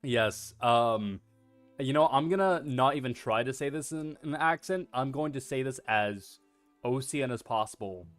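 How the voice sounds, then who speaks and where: Guy streaming a game, middle pitch, rambly and sweary, makes fun of himself, soft music behind. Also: a little slow, dry recording. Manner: rambling, swears freely, self-deprecating. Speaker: VTuber streamer. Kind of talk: casual livestream chatter.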